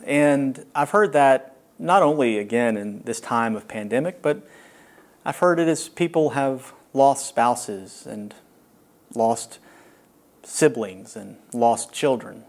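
A man preaching a sermon as a pastor, earnest and reflective, with long pauses. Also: mid-range voice.

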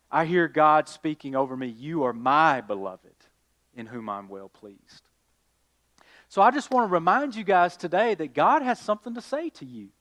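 A man preaching a sermon, rising to emphatic calls and then dropping quiet. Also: a little high. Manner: addresses listeners as y'all. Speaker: pastor.

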